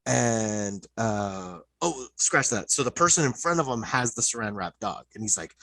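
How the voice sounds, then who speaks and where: A man co-hosting a podcast, excitedly retelling cartoon episodes in casual chat, full of fillers and swearing. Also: fairly low pitch, moderate pace, creaky, hardly any pauses, no echo, rough recording. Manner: excited, profane storytelling, many "like" fillers. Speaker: podcast co-host.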